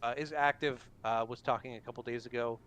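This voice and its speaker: A man's voice: medium pitch, fairly even intonation, fast, a bit bright, smooth. A man hosting a casual online hockey draft stream, announcing picks with frequent fillers. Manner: easygoing, filler-heavy announcing. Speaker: draft broadcast host. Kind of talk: casual live draft commentary.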